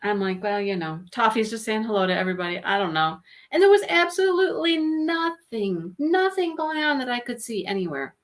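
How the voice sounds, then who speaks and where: Woman, casual live-stream chat, lively up-and-down pitch, laughs easily, exasperated. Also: a little fast, hardly any pauses. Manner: chatty, laughs often, exasperated asides. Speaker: craft channel host.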